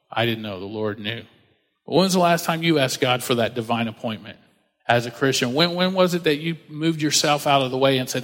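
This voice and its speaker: A man's voice: medium pitch, fairly bright tone, in a large hall. A male pastor preaching a sermon in a casual, conversational storytelling way, acting out quotes with slang.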